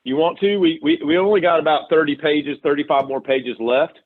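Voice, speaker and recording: A man leading a sales team meeting, telling animated stories and setting the schedule. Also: a little high, brisk. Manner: animated storytelling with quoted dialogue. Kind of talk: team call, casual meeting talk. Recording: tinny phone-line audio.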